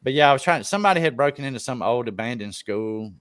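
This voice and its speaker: A man's voice: medium pitch, animated, fast talker, fairly bright tone, no room sound, clean studio sound. A man hosting a casual live-stream chat, telling stories in a laid-back way and swearing freely. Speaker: live stream show host.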